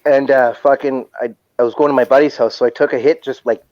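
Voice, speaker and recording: A man who is a guest on a podcast, telling a long story in casual chat, rambling and swearing constantly in fast bursts. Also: medium pitch, fairly even intonation, no room sound, highs cut off.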